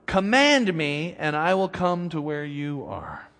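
A man's voice: a little high, sing-song, slow pace, gravelly, a bit bright, heavily acted. A male preacher voicing an impulsive but frightened man, speaking in a hesitant, pleading way, with long reverb. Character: impulsive man, afraid yet bold.

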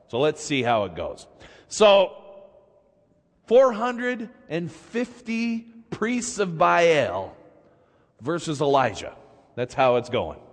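A man preaching, retelling a story in an animated, colloquial way, in a church with long reverb. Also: on the high side, slow pace, long pauses. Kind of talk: sermon storytelling.

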